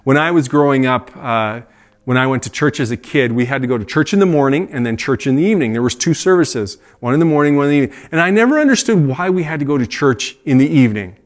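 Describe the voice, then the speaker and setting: A man's voice: mid-range voice, lively intonation, quick pace. Conversational male pastor preaching. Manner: earnest, conversational preaching with asides and self-corrections. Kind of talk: sermon.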